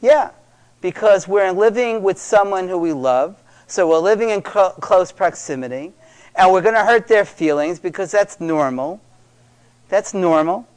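A man's voice: high voice, a little slow, a little mellow, clean tone. A middle-aged man speaking to a live audience about parenting, conversational and emphatic, repeating key words for stress.

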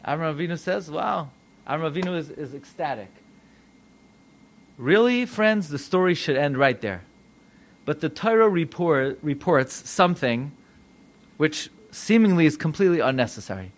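A rabbi preaching a sermon, animated and full of rhetorical questions to his listeners. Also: a little high, normal speed.

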